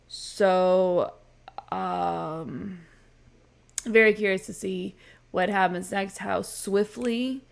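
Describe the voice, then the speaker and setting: A woman's voice: medium pitch, vocal fry. A woman hosting a reaction channel, casually recapping a TV episode with lots of ums and likes, chatty and gushing.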